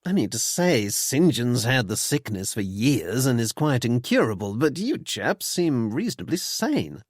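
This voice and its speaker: A man's voice: mid-range voice, big pitch swings, measured pace, dry recording, clean studio sound. A man reading an audiobook and voicing a glib young upper-class Englishman with an airy, chatty, self-mocking manner. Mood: breezy.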